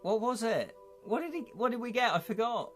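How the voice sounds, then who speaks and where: A man, hosting a live gamebook play-through with excitable, forgetful chatter and reading the story aloud. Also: very high voice, brisk, soft background music. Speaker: host and gamebook narrator.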